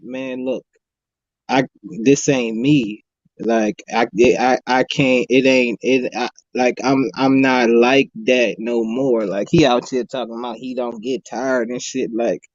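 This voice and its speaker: A man's voice: mid-range voice, darkish tone, dry recording. A man co-hosting a casual sports debate, talking in a rambling, profane way with many restarts. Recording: dull, slightly muffled audio.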